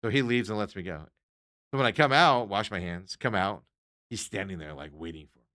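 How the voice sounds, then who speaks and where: In a lowish voice and a brisk pace, a podcast host recounts a run-in from everyday life. He sounds casual, animated and exasperated, and plays out the lines of the people in the story.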